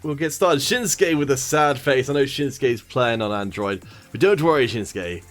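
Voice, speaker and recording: A man hosts a casual game stream, welcoming viewers by name and cracking self-mocking jokes. His voice sits at an ordinary middle pitch. Background music runs quietly under his talk. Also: lively intonation, moderate pace. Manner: joking, self-mocking, greets chat by name. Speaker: esports stream caster.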